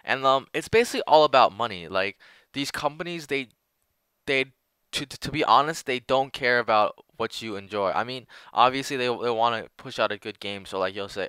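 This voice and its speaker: A man's voice: medium pitch, a little fast, bright, forceful tone, clear, resonant tone, dry recording. A young man giving casual commentary over gameplay, rambling with many filler words and restarts. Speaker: gaming commentator.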